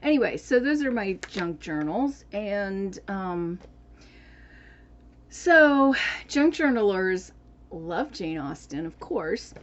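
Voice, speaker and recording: A woman's voice: medium pitch, big pitch swings, takes it slowly, lo-fi sound. A woman vlogger chatting casually about books and journals, rambling with lots of fillers and restarts. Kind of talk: casual chat.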